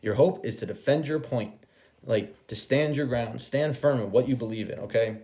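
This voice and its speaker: A man's voice: mid-range voice, moderate pace. A young man giving a casual tarot reading, swearing freely, acting out quoted voices and ending points with a checking "okay?". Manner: profane, animated, acts out quoted voices. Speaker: tarot reader.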